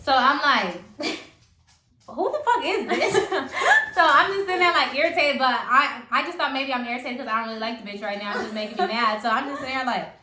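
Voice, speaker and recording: A woman's voice: on the high side, quick pace, few pauses, pushed and bright. A young woman telling a story in casual chat, blunt and profane, often jumping in. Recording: echoey room with faint noise.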